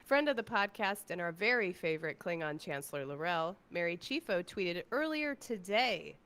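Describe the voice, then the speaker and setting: A woman co-hosting a live podcast with a lowish but lively voice. She reads news items aloud, trips over words and laughs them off. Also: normal speed, smooth. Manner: giggly, self-correcting while reading. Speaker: podcast co-host reading news. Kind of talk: casual live podcast banter.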